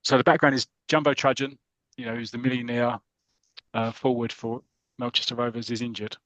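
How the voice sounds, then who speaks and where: A man's voice: mid-range voice, brisk, dry recording, poor audio. A man hosting a podcast, retelling a comic story in casual chat and acting out the characters' lines. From England. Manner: animated storytelling, acting out quotes. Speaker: podcast host.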